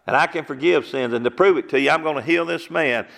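Jesus, preacher voicing him, slow solemn man, gravelly, big echo. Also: on the high side, a bit bright. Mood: commanding. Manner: solemn, measured. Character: Jesus, calm and authoritative healer.

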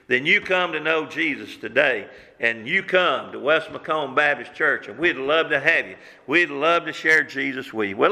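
A man's voice: on the high side, creaky, sharp tone. A man preaching a sermon as pastor, using fervent rhetorical questions. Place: church sanctuary. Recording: long church hall reverb.

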